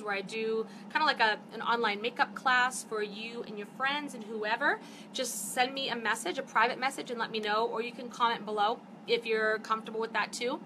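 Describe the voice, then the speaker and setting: Captured on a phone or webcam for a live stream, this woman in her fifties speaks at a fairly high pitch over background noise. As a network marketing host, she keeps things chatty and animated with viewers and becomes increasingly fired up.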